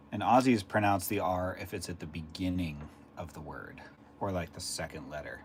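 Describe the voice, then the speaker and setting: A man with a deep voice chats loosely on a live stream, answering what viewers type. He talks at a moderate pace from a home room, a faint hiss audible behind him.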